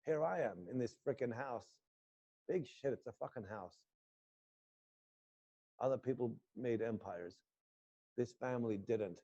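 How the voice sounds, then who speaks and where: The lo-fi audio captures a man teaching acting indoors, pushing his students through a demanding exercise. His voice shifts from quiet mutters to booming instruction.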